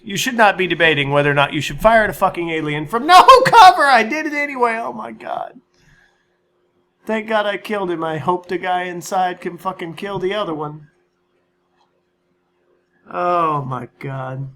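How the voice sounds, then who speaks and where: A man with a fairly high, forceful, bright voice talks loosely over his own gameplay and channel news. He rambles, mocks his own play and swears freely, in an easy, casual manner. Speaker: gaming channel host. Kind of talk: casual let's-play commentary and channel update.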